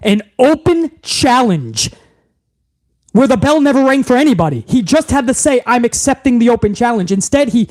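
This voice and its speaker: A man's voice: very high voice, sing-song, normal speed, no room sound. A young man hosting a live wrestling podcast stream, ranting heatedly with lots of swearing and reading viewer messages aloud. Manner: heated, profane ranting, reads viewer super chats aloud.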